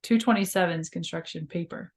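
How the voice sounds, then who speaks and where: A woman's voice: on the low side, fairly quick, darkish tone. A woman co-hosting a casual chat, playful and laughing easily. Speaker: co-host.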